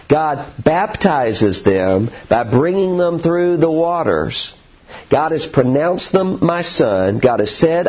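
A man's voice: mid-range voice, slow pace, breathy edge. A man preaching a sermon in an earnest, storytelling way, recorded dull and lo-fi. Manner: earnest, animated storytelling with acted quotes.

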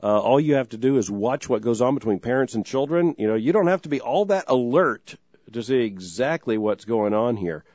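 A man's voice: medium pitch, darkish tone, no echo. A middle-aged man hosting a call-in radio talk show, speaking earnestly and measuredly, often restarting his thoughts. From Florida, US. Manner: earnest, measured, repeats himself when starting a thought. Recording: dull dry studio broadcast sound.

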